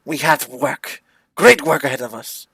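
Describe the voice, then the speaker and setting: A man's voice: expressive, unhurried, vocal fry, fairly bright tone, breathy edge, no room sound, clean studio sound, full character voice. A man doing a blunt orcish woman. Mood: curt. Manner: broken clipped speech, low and curt. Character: large orcish woman assistant, blunt and dutiful.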